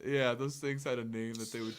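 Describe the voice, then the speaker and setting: A man's voice: mid-range voice, fairly even intonation, brisk, crowd noise. Crude joking man in casual chat. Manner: crude joking, laughs a lot.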